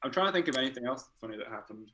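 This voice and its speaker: A man, an art director, casually telling animated stories in a podcast chat, laughing and swearing as he goes. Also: medium pitch, rapid-fire, rough recording.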